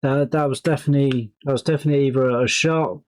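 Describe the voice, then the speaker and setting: A man's voice: medium pitch, steady tone, fast, darkish tone, rough recording. A man hosting a music reaction video, talking in a rambling, casual way with plenty of swearing and laughter.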